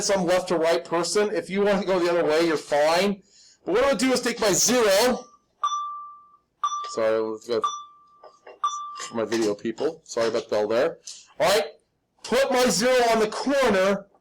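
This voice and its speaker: A man's voice: sits high, slight background noise, low-quality recording. A man teaching a live hand-drawing class step by step, patient and reassuring, checking in with his students. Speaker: drafting instructor.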